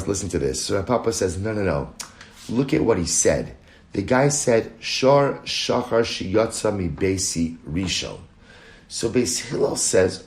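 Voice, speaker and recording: Lively rabbi teaching Talmud, low voice. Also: male voice, echoey room. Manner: animated, explains aloud, reads Aramaic quotes quickly. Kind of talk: Talmud lecture.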